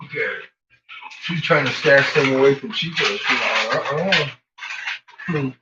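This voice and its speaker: A man cooking at home in a casual vlog, swearing and rambling as he talks to his dogs, and his voice shoots up high and excited whenever he addresses them. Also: unhurried. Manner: profane, rambling, jumps to a high excited voice when talking to the dogs. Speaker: home cook vlogger. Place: home kitchen. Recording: dull lo-fi sound with loud background noise.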